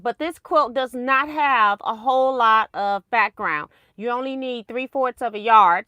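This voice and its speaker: A woman's voice: fairly high pitch, fairly bright tone, no echo, clean studio sound. A woman hosting a casual quilting livestream, chatty and rambling, laughing at her own mistakes.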